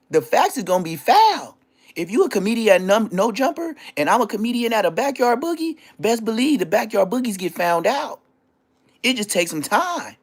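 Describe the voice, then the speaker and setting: In a ranting livestream monologue, a man taunts a rival with heated profanity. His brisk, sing-song delivery bounces from low growls up to high yelps.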